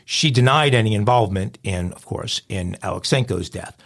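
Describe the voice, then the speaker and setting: A man's voice: on the low side, normal speed, fairly bright tone. A man hosting a crime news podcast, reading headlines in a conversational, wry way. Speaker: host.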